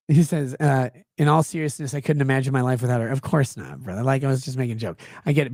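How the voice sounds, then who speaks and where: A man's voice: fairly high pitch, lively intonation, fast talker, darkish tone, no room sound, studio quality. A man hosting a casual livestream, reading chat messages aloud and riffing on them sarcastically. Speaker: livestream legal commentary host.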